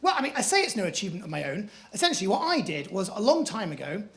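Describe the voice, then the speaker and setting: A man's voice: high-pitched, wildly swooping pitch, very fast, a bit bright. A man doing a stand-up comedy set on a club stage, telling self-mocking stories in a posh manner. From England. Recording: live club with audience noise.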